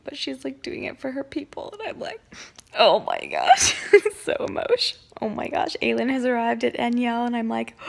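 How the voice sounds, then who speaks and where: A woman chatting casually in a reading vlog, gushing and excitable, saying "like" a lot, with a rough early-morning voice. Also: high-pitched. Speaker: book vlogger.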